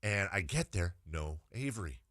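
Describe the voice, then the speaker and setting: A man in his forties hosting a sports radio show, telling an animated story about his daughter in quick bursts. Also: low voice, no echo, studio quality. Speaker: radio host.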